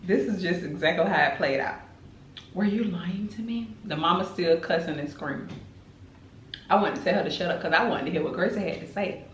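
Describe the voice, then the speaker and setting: A woman's voice: lowish voice, fast, a little hiss or hum. Lady dishing a story over food, chatty and dramatic, echoey room. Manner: animated, chatty, dramatic retelling. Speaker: mukbang host. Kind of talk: casual storytelling while eating.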